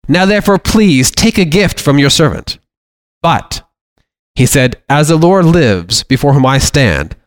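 A man's voice: fairly high pitch, no echo. Earnest man teaching from scripture. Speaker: Bible teacher. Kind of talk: teaching with scripture reading aloud.

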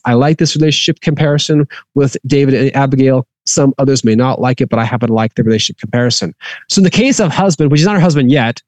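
A man's voice: a little high, a little mellow, no room sound. A man reading a scripture passage aloud and then explaining it in a conversational teaching manner. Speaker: Bible teacher.

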